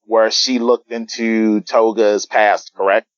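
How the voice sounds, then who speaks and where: A man guesting on a podcast, recapping a comic chapter in a halting, casual way with lots of fillers and restarts. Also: fairly low pitch, little pitch movement, no room sound. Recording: dull lo-fi sound, dry.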